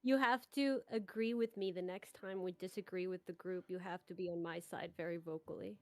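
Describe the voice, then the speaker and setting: A woman's voice: fairly low pitch, steady tone, fairly quick, dry recording. A woman playing a tabletop game, teasing and bargaining in character. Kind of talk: casual in-character chat.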